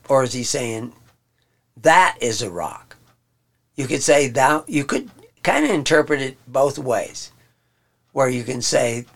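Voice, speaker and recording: Guy leading a bible study, mid-pitched voice, stops and restarts a lot, goes through it word by word. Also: creaky, fairly bright tone. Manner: halting, restarts often, explains word by word. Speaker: Bible teacher. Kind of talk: informal Bible study teaching.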